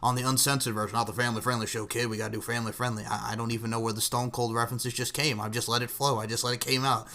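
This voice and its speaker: A man's voice: medium pitch, level tone, very fast, few pauses, pushed and bright. A man hosting a podcast in casual chat, joking and rambling as he talks. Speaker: podcast host.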